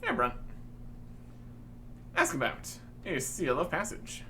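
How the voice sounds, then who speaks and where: A man's voice: a little high, huge pitch swings, takes it slowly, long pauses, sharp tone, slight background noise. Chatty man giving wry game commentary. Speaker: gaming channel host. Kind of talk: casual gameplay commentary.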